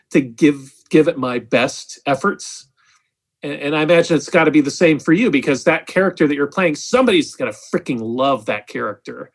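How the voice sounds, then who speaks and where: A man's voice: fairly high pitch, fairly bright tone, slightly rough. A man co-hosting a podcast, speaking earnestly with frequent fillers. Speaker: podcast co-host. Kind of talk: casual podcast chat.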